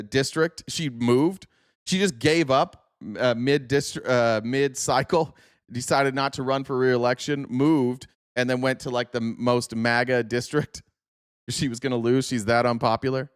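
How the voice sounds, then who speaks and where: A man's voice: mid-range voice, moderate pace, smooth, no echo, clean studio sound. A man hosting a political livestream, sarcastic and joking, answering his chat as he goes. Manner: sarcastic, talks back to chat. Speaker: host. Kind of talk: casual political livestream commentary.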